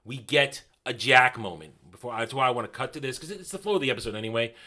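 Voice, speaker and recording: A man's voice: medium pitch, animated, fast, pushed and bright. A man giving a casual, rambling spoken review of a TV episode, often correcting himself and paraphrasing scenes.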